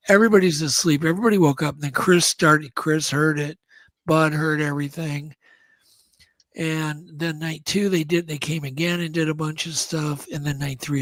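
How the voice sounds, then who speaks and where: A man, a guest on a show, telling a story in a casual, animated way and acting out the sounds. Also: a little high, dry recording. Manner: animated, acts out sounds and quotes.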